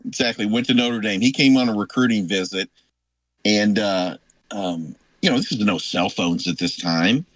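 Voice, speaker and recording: A man on a sports radio show as a guest, telling old stories in a rambling, halting way. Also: on the low side, fairly bright tone, no echo, rough recording. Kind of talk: casual chat, recruiting stories.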